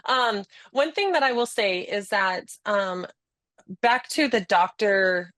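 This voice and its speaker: A woman in her thirties, a communication trainer, talking in a webinar conversation, animated and laughing often as she demonstrates speech patterns. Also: medium pitch, slow, no echo.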